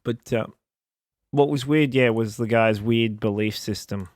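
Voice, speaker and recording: A man's voice: medium pitch, a little slow, no echo, clean studio sound. A man co-hosting a casual podcast, telling a rambling story, often laughing and searching for words. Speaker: podcast co-host. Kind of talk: casual chat.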